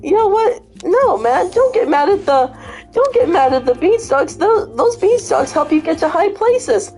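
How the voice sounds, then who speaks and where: A man's voice: extremely high pitch, very animated, moderate pace, darkish tone, faint music behind, pitched above the performer's own voice, heavily acted. A woman voicing a fretful male mushroom helper who pleads and tries to reason. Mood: pleading.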